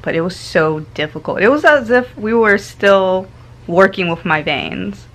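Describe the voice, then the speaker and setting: A woman vlogger telling a personal story in a casual way, laughing often and swinging between loud and hushed tones. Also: medium pitch, lively intonation, unhurried.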